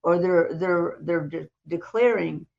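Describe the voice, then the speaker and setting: A woman co-hosting a talk show, retelling a testimony in a lively way and acting out the voices in it. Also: fairly low pitch, slow, gravelly, muffled recording. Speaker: co-host. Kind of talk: animated testimony storytelling.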